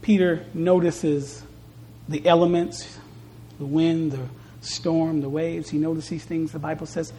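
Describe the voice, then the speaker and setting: A woman's voice: low voice, fairly even intonation, measured pace, a little hiss or hum. Emphatic woman preaching a sermon. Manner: emphatic, repeats phrases for stress, swings from soft to loud. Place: church service.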